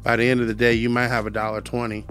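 A podcast guest, an earnest man with a mid-range pitch, shares his personal testimony in a rapid-fire monotone, repeating key lines for emphasis. When he quotes scripture he slips into a preacher's cadence, with soft music faintly underneath.

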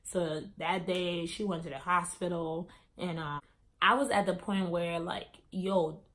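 Animated woman telling a storytime tale. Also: fairly low pitch, measured pace. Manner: animated, acts out quoted dialogue. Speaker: vlogger. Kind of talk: casual storytime.

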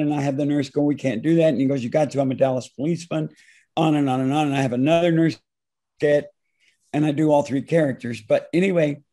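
A man recounts stories as a talk show guest, rambling and anecdotal. His voice sits slightly high as he doubles back and interrupts himself. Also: mellow. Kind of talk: storytelling interview.

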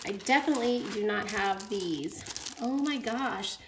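A woman excitedly opening crafting gifts on camera in a casual, gushing vlog chat. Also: mid-range voice, a little slow. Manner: gushing, effusive. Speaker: craft vlogger. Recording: echoey room, faint noise.

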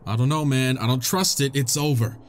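A young gaming channel host commentates casually on a let's-play, joking back at the game's characters. His voice is medium in pitch and a little fast, with a bit of hiss or hum in the recording.

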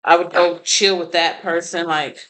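A woman's voice: lowish voice, fairly even intonation, moderate pace, a bit bright, a little hiss or hum, rough recording. A woman doing a casual tarot reading, blunt and profane, laughing often. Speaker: tarot reader.

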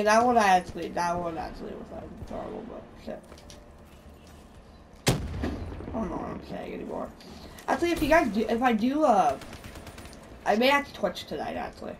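A woman chats through an online shooter match, cursing freely and poking fun at her own play. She sits some way from the microphone, and a steady noise floor with clicking runs under her middle-pitched voice. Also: normal speed, long pauses. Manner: rambling, self-mocking, swears often. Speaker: video game player. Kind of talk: casual gameplay commentary. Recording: distant mic with steady background noise.

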